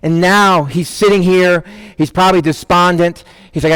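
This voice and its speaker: A man's voice: high voice, a little fast, fairly bright tone, smooth, dry recording. A male pastor preaching an informal sermon, acting out Bible characters in casual modern speech. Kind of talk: conversational sermon.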